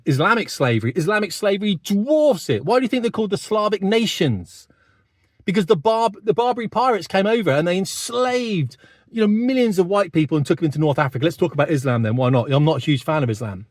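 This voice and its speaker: A man's voice: high-pitched, no room sound, studio quality. A man in his fifties with a British accent, talking bluntly straight to camera and tagging his points with "mate". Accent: British English. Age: 50s. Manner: blunt, conversational, keeps adding "mate". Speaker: online commentator. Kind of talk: direct-to-camera monologue.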